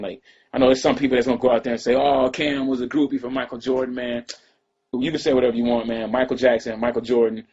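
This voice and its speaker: Man, casual storyteller, slangy and rambling, rapid delivery. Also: mid-range voice, slightly rough. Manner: laid-back, rambling, slangy, trails off into quiet asides. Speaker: rapper telling a personal story. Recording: dull lo-fi sound.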